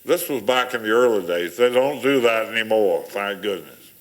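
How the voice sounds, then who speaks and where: A man's voice: on the low side, lively intonation, normal speed, poor audio. Older guy rambling through old stories, chuckly, lots of uh and um. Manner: rambling anecdotes with chuckles and fillers. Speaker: panel guest telling stories. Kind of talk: casual storytelling.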